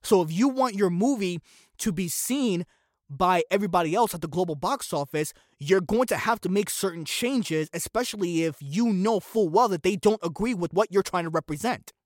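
A man's voice: high-pitched, lively intonation, normal speed, no echo, studio quality. Sarcastic, opinionated male podcast host. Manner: opinionated, fires off rhetorical questions. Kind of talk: solo commentary podcast.

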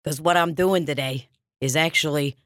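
Casting: a woman doing a low-voiced, brassy psychic with a Long Island accent, bossy and rambling, comedy bit, dry mic. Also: normal speed, no room sound, lightly acted. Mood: brash. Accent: Long Island, put on. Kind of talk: improvised comedy sketch.

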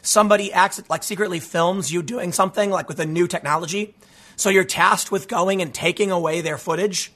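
A man hosting a casual political commentary monologue, animated and ranting, often restarting his sentences. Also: high-pitched, a little fast.

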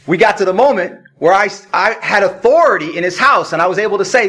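A man's voice: high-pitched, animated, quick pace, hardly any pauses, sharp tone. A man preaching a sermon to his congregation as pastor, telling stories and building to bold, emphatic declarations. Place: church service.

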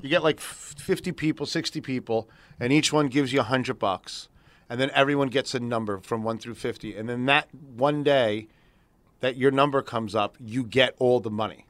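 Fast-talking streetwise New man. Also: medium pitch, a bit bright, dry recording. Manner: profane, streetwise storyteller who acts out other people's voices. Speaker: podcast co-host. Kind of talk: casual storytelling chat.

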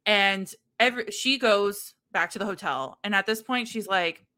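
Young woman co-host, bright tone, lively recap with acted-out quotes. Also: mid-range voice, moderate pace. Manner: animated storyteller, acts out quotes. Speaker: podcast co-host recapping a book. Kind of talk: casual chat.

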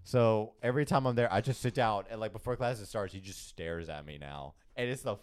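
A man's voice: fairly low pitch, brisk. A young man on a casual podcast, telling a story with lots of laughs, swearing and quoted dialogue. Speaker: podcast co-host.

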